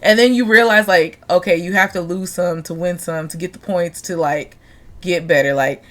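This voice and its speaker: A woman's voice: on the low side, steady tone, moderate pace. Joking, profane woman hosting a podcast. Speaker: podcast host. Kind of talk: casual podcast chat.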